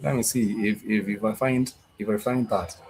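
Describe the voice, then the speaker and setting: Man teaching in a slow, repetitive way. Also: fairly low pitch, fairly even intonation, darkish tone. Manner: repetitive, thinking aloud, many fillers and restarts. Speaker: Swahili teacher. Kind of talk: live online language class.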